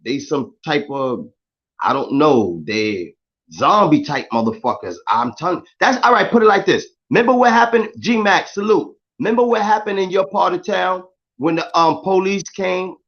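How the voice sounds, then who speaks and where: Animated New man, lo-fi sound. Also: high-pitched, moderate pace. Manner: animated, emphatic street storytelling. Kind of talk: casual chat. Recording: dull lo-fi sound.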